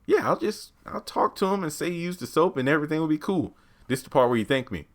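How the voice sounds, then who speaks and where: A man's voice: fairly high pitch, very animated, quick pace, voice pushed up. A man playing a cocky, carefree young man.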